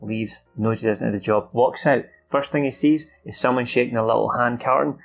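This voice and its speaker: A film recap host recalls a movie from memory, speaking briskly with vocal fry at a medium pitch and hardly any pauses. His casual, off-the-cuff recap is loose and rambling, full of fillers and restarts, with some swearing.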